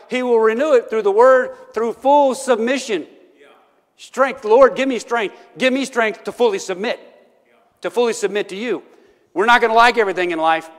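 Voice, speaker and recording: A middle-aged male pastor preaching a sermon, telling folksy stories, laughing often and checking in with "right?". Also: high-pitched. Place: church sanctuary. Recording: church hall reverb.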